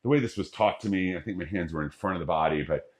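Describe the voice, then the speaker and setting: Deep-voiced and fast, a middle-aged qigong instructor gives guided exercise instruction. His tone is casual and jokey as he cues each breath step by step.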